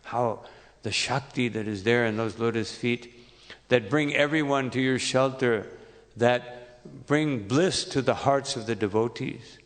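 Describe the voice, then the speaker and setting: A male preacher speaking as an earnest, devoted queen who pleads her case slowly. The voice stays gravelly and creaky and rings with a long reverb through a temple hall. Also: mid-range voice, lightly acted.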